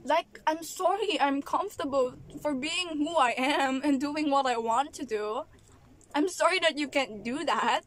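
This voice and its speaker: A woman's voice: high voice, lively intonation, moderate pace, fairly bright tone. A woman from the Philippines, venting in a casual vlog while chewing her food between exasperated remarks. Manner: exasperated ranting with frequent laughs. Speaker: vlogger. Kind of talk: casual eating vlog rant. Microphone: camera at an angle.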